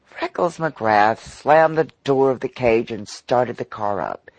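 A man narrating an audiobook story in an expressive, dramatic manner. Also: medium pitch, takes it slowly, dry recording.

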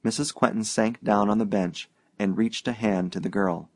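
A man's voice: on the low side, steady tone, moderate pace, a little mellow, dry recording. Man narrating an audiobook, dry close sound.

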